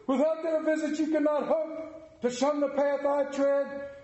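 A man voicing the tormented male ghost of a dead businessman bound in chains, speaking gravely and declaiming. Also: extremely high pitch, flat delivery, measured pace, mellow, echoey room, highs cut off, voice pushed up. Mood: impassioned.

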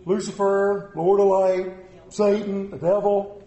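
A man preaching a lively sermon, telling stories with jokey asides. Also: high-pitched, slow pace, roomy sound, rough recording. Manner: animated storytelling, jokey asides.

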